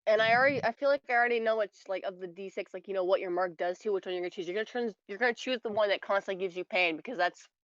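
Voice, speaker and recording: A woman's voice: mid-range voice, very fast, few pauses, fairly bright tone, dry recording. Rambling woman gamer, dull lo-fi audio. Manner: rambling, full of "like" fillers. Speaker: tabletop game player. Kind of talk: casual chat over voice call.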